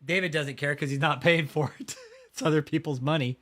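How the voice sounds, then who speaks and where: A man's voice: fairly high pitch, steady tone, a little fast, a bit bright. Profane, mocking livestream host man. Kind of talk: casual livestream commentary.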